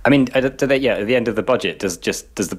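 A man with a very deep voice who talks at a tremendous clip. He chats casually and drops wry jokes into the conversation. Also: racing, breathy edge. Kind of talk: casual chat.

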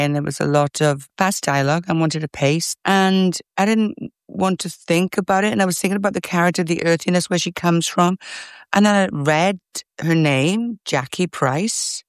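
A Welsh woman actor answering an interview question, talking fast with lively energy. The recording is dry and close. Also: on the low side, dry recording.

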